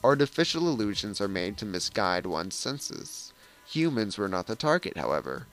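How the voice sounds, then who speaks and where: Lively man reading game text. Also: on the low side, normal speed, faint music behind, poor audio. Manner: lively, switches between reading and sarcastic asides. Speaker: let's play host.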